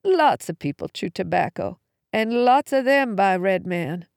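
A woman's voice: mid-range voice, expressive, a little slow, creaky, darkish tone, no room sound, clean studio sound. A woman reading a storybook voices a frightened, devout middle-aged mother with a quavery, anxious voice. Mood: doubtful. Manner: anxious, pleading.

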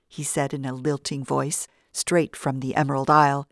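A woman narrating a novel in a steady storytelling read. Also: rumbling low, normal speed, hardly any pauses, no echo, studio quality. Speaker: audiobook narrator. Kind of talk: scripted narration.

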